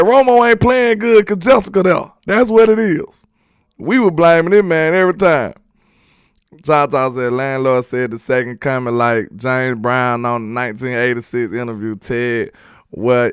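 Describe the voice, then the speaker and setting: A man's voice: medium pitch, fairly bright tone, clear, resonant tone, no echo, studio quality. A man hosting a casual sports live stream, reading viewer comments aloud in a loose, slangy, repetitive way and laughing often.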